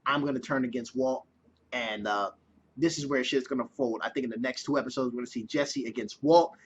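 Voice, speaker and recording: A man's voice: medium pitch, fairly quick, a little hiss or hum. A man casually reviewing a TV episode in a chatty way, swearing freely. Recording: dull lo-fi recording.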